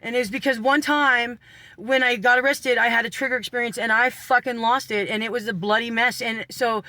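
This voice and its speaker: High-voiced man ranting, swearing, laughing. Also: fairly even intonation, brisk, pushed and bright, dry recording. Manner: swears constantly, laughs through his story; rambling, sarcastic, breaks off into asides. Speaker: vlogger. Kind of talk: profane storytelling rant.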